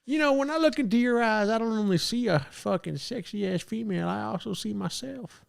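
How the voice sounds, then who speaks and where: A man voicing a cocky, flirty Southern-accented barfly with a smooth drawl, chuckling through smarmy pickup lines. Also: sits high, fairly quick, pitched above the performer's own voice. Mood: smarmy flirting. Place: home apartment studio.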